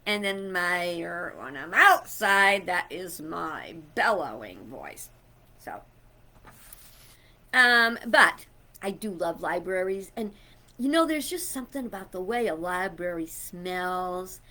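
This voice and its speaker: A middle-aged woman talks to her viewers in a loud, rambling, friendly chat. Her tone is bright and ringing, and she takes her time, unhurried and drawn out. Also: lowish voice, very animated. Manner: chatty, loud, rambling with fillers and laughs. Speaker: vlogger. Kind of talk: casual chat to camera.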